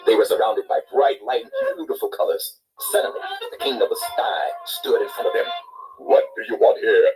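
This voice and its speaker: A man reading a children's picture book aloud in an expressive, animated storyteller's way. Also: medium pitch, fairly quick, few pauses, soft background music, low-quality recording.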